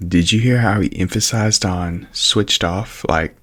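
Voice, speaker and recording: A man's voice: low voice, a little slow, hardly any pauses, a bit bright. A man hosting a casual reaction video, joking along and chuckling to himself as he comments. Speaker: host.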